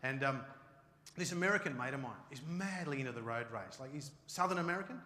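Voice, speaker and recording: A man with an Australian accent giving an animated, joking keynote talk. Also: mid-range voice, fast. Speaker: keynote speaker. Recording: echoey hall, live stage.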